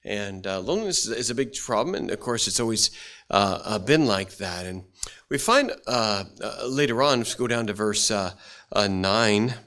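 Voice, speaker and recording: A middle-aged male pastor giving a folksy sermon, stopping and restarting often and clearing his throat now and then. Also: lowish voice, lively intonation, pushed and bright. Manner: folksy, halting delivery with many restarts and fillers.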